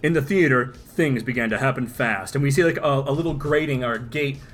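A man's voice: mid-range voice, brisk. A man co-hosting a podcast in casual chat, describing comic panels aloud and swearing freely. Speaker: podcast co-host.

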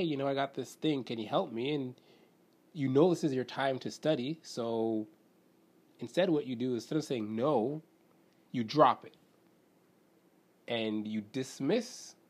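On his own self-help show, a Canadian man talks casually in a slightly mellow, medium-pitched voice. He rambles along with plenty of fillers and "right?", poses questions to himself, and acts out little quotes from friends.

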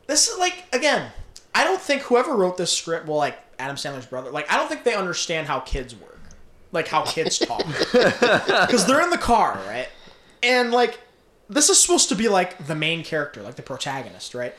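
A young man casually retelling a film plot, swearing freely and laughing often. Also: a little high. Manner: profane, laughing, animated storytelling. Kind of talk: casual movie recap. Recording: roomy echo.

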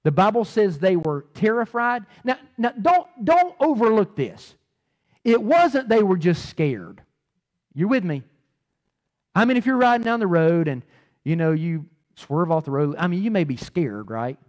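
Brief: male pastor, middle-aged, preaching with a high, very lively voice that swings loud and soft. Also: measured pace. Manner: animated, repeats words, swings loud and soft. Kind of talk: sermon.

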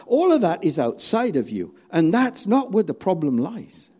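A man preaching a sermon as a pastor, animated and full of rhetorical questions. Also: high voice, normal speed, few pauses, husky.

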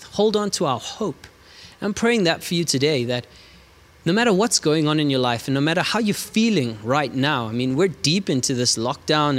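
A man preaching a sermon in a fairly high voice. He drags key words out slowly and fires off rhetorical questions. A long hall reverb follows his speech. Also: a bit bright. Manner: emphatic, stretches words slowly for emphasis.

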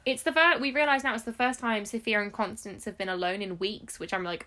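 A woman's voice: on the high side, fairly quick, few pauses, bright, forceful tone. A woman co-hosting a casual book discussion, chatty, laughing often and acting out characters' lines. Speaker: podcast co-host.

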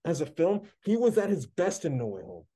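A man's voice: on the high side, huge pitch swings, a little fast, warm tone, breathy edge. A man co-hosting a podcast, ranting in a heated, sarcastic way during casual chat. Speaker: podcast co-host.

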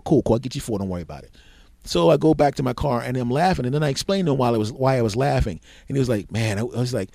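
A man's voice: medium pitch, animated, rapid-fire, a little mellow, no echo, studio quality. A man hosting his own podcast, telling a comic story in a loose, swearing style and acting out the people in it. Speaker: podcast host. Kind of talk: solo comedic storytelling podcast.

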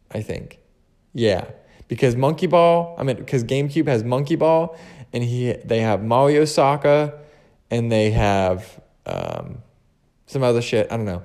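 A man's voice: mid-range voice, warm tone. A young man with a slight lisp, hosting a casual solo podcast chat, rambling and restarting his sentences often. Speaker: podcast host.

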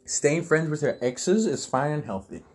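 A man's voice: a little high, very animated, moderate pace, breathy edge. A young man chatting casually and bluntly, trading opinions and laughing easily. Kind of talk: casual chat.

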